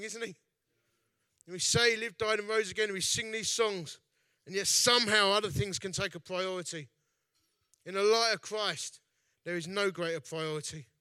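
An evangelist and festival founder from East London delivers a storytelling sermon, his voice sitting high, pushed and bright, with no echo. He keeps things chatty and jokey, often poking fun at himself.

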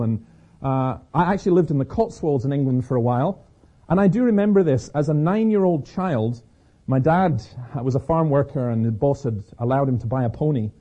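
Scottish male stage speaker, husky with a sore throat, animated preaching, slightly dull lo-fi recording. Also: fairly high pitch. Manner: lively storyteller, repeats words as he restarts. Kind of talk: preaching talk to an audience. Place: stage before an audience.

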